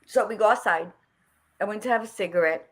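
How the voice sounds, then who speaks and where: Blunt, bright-voiced woman podcast host. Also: mid-range voice, brisk, slightly rough. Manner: blunt, swears freely, animated storytelling. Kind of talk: casual conversation.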